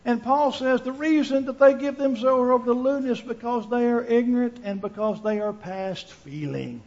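At normal speed and with a darkish tone, a high-voiced man earnestly preaches a sermon that includes scripture reading. He repeats words while gathering his thoughts and asks the listeners questions, on a dull lo-fi recording.

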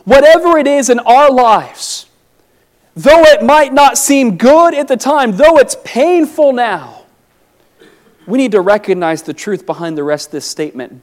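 A man preaching a sermon, earnest, rising to emphatic peaks and dropping low and soft on reflective lines. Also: animated, a little slow.

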